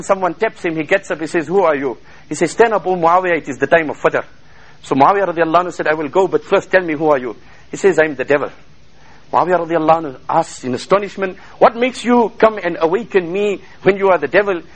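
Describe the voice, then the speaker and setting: A man's voice: high-pitched, rough recording. A man preaching a sermon in a mosque, fervently chanting Arabic verses between English passages, heard over a radio broadcast.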